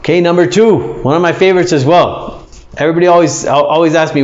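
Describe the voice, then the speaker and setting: A man teaching English pronunciation, repeating each word slowly with exaggerated emphasis. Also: a little high, darkish tone. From United States. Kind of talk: pronunciation lesson. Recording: echoey room, slightly dull sound.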